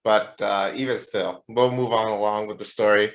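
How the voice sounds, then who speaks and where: Animated young man telling stories. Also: fairly low pitch, normal speed. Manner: animated, swearing, laughing through his stories. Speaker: podcast co-host. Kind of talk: casual storytelling chat.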